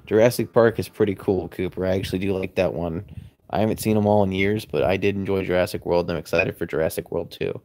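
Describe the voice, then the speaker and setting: Man, casual livestream chat, fairly low voice, chatty and rambling, sleepy, home loft, phone mic. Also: fast, a little mellow. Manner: rambling, chatty, answers viewer comments. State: sleepy, yawning. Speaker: livestream host. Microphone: phone camera.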